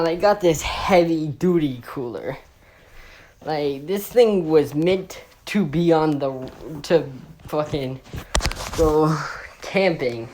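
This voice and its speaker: A woman's voice: low voice, a little mellow, slight background noise. A woman casually improvising a fan story, rambling and swearing with many fillers.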